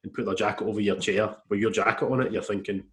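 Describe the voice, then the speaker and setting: A man hosts a podcast and talks quickly. He tells animated stories and swears casually as he goes. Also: on the low side. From Scotland. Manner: storytelling, swearing freely, animated. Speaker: podcast host.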